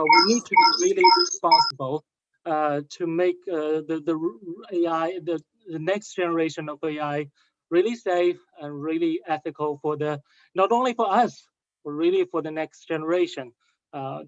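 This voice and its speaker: Hesitant man with a high voice on a call. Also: dry recording, dull audio. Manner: hesitant, many fillers and restarts. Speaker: panel speaker, AI researcher. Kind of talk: online panel discussion. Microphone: video call.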